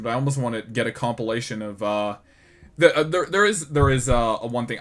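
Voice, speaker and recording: A man in a relaxed gaming chat, talking in long rambling stretches and restarting his sentences often. His voice sits at an ordinary middle pitch. Faint music plays softly behind him. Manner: rambling, with many restarts and laughs. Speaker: podcast co-host.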